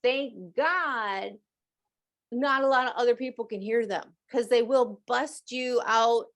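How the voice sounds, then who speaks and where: Her voice pitched a little high and a bit bright, a middle-aged animal communicator takes her time while hosting a casual show about animal messages. She laughs a lot and drifts into playful voices as she chats.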